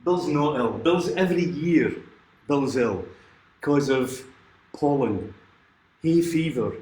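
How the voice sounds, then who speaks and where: At home in lockdown, a man who sings folk music rambles and chuckles between songs on his livestream. He talks slowly in a high-ish, darkish voice, and the recording has a roomy echo with guitar.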